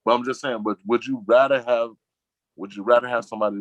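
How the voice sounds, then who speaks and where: A man, chatting casually as a talk-show guest, rambling and slangy, acting out quoted friends in a lower voice. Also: fairly even intonation, fast, fairly bright tone, no echo, highs cut off. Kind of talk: casual chat.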